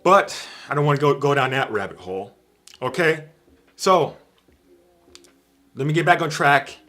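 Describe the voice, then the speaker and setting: A man's voice: medium pitch, animated, unhurried, sharp tone. A man giving an informal livestream sermon, emphatic and repeating his key phrases. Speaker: preacher on a livestream.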